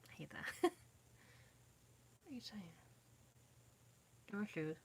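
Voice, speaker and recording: A young vlogger chats casually with viewers in a sing-song, mid-range voice that's slow and darkish, with a little hiss or hum. She's in a dim home recording on a phone camera, rambling and losing her train of thought.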